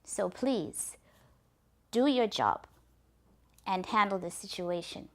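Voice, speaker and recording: A woman voicing a firm, deliberate young wife in a folktale. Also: medium pitch. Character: firm young wife who becomes a beast.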